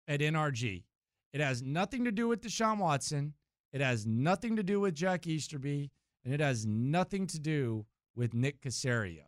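A man hosting a sports radio show, animated and mock-serious, a self-described high-strung talker. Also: no echo, clean studio sound. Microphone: studio microphone.

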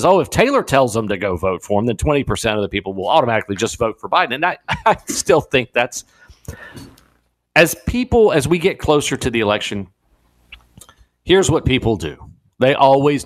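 Animated male talk radio host. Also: mid-range voice, a little fast. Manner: animated, digressive, many restarts. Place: radio studio.

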